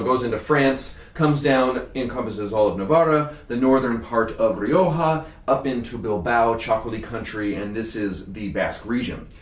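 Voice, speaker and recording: A man hosts a relaxed wine tasting, talking in a lively, chatty way and laughing often. His voice sits at an ordinary pitch. It is picked up from a distance in an echoey room. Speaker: wine importer and show host. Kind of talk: casual wine tasting chat.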